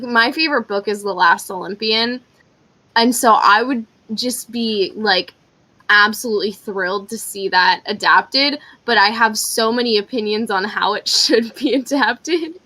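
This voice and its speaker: Young woman cosplayer, bright and fairly high, rambling call chat. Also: unhurried, poor audio. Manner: rambling, full of restarts and ums. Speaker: cosplayer panelist. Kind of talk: casual group video call chat. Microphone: video call.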